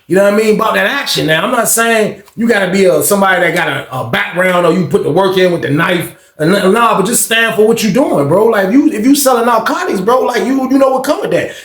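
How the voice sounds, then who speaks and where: A man casually telling a story in street slang, animated, repeating lines and acting out the voices of the people in it. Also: high-pitched, echoey room. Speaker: storyteller recounting prison life.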